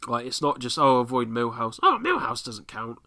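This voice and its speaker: A British man with an excitable, sweary manner, giving casual commentary while watching an episode. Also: mid-range voice, moderate pace. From Britain. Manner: excitable, swears freely, reacts aloud. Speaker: podcast host.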